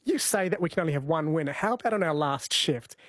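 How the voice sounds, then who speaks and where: A man's voice: on the high side, expressive, fast, fairly bright tone, no room sound. Upbeat man hosting radio. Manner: upbeat, playful, teasing. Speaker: radio host. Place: radio studio.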